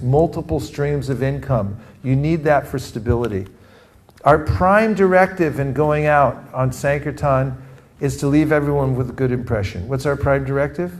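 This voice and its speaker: A man from California runs a lively workshop session, prompting his listeners to repeat and respond. His voice sits a little higher than most men's. He keeps the energy up throughout. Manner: energetic, calls for audience responses. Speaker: teacher leading a training session. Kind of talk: interactive workshop talk. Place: room with a live group.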